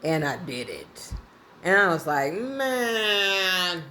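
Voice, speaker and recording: A woman with a fairly low voice tells a rambling everyday story straight to camera. She talks in a loose, colloquial way and laughs often. A faint hiss sits behind her. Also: measured pace. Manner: animated, laughing, colloquial and conversational. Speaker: vlogger. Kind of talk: casual anecdotal storytelling.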